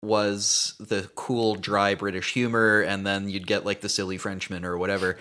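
Bright-voiced rambling podcast host man. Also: fairly low pitch, normal speed. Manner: animated, rambling with fillers. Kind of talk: casual chat.

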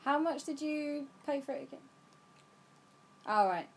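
A woman's voice: high voice, measured pace, a little hiss or hum. Giggly easygoing british woman. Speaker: podcast co-host. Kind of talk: casual chat.

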